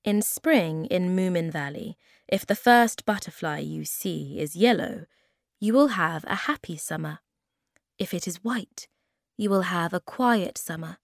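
A woman reads a children's story aloud, gentle and very unhurried. Her voice sits a little low, close to the mic in a dry space. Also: animated, vocal fry, no room sound. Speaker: storybook reader.

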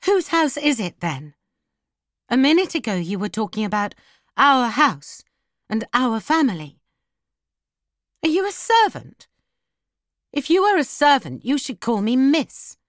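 A woman voicing a spoiled, excitable teenage girl of a grand house, with high, loud, haughty outbursts. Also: measured pace, dry recording, clean studio sound.

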